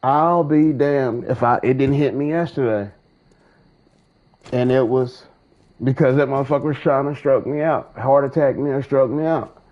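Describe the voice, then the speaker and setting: On his gaming channel, a man with a medium voice talks at normal speed in a casual monologue, sharing his faith and a breakup as if giving testimony. He drawls and uses slang, and the recording comes through a dull, lo-fi streaming microphone.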